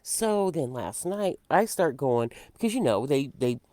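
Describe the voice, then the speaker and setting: A woman co-hosting a casual political chat podcast, talking in a rambling, halting way with frequent restarts. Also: low-pitched, sing-song, mellow, a little hiss or hum. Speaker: podcast co-host.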